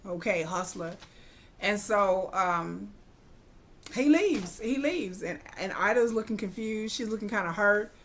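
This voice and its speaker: A young adult woman giving a casual, animated TV episode recap in slangy talk, acting out what the characters say. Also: mid-range voice, unhurried, a little hiss or hum. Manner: animated, slangy retelling with acted-out quotes. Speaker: TV recap vlogger.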